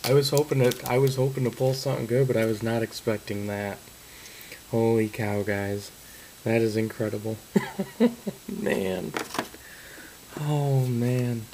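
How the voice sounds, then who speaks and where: Slow-talking man narrating a card break. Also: mid-range voice, steady tone, darkish tone, slight background noise, low-quality recording. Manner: reads out card names, breaks into stunned exclamations. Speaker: card collector opening boxes. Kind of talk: casual card-break commentary.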